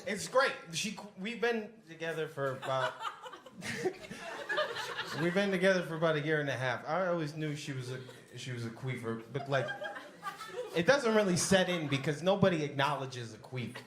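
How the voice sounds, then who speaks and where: A man's voice: a little high, big pitch swings, moderate pace, heavy background noise. A young man doing a stand-up set with crowd work, in a loose, rambling, profane way. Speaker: stand-up comedian. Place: basement comedy club. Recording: echoey club room, audience laughter.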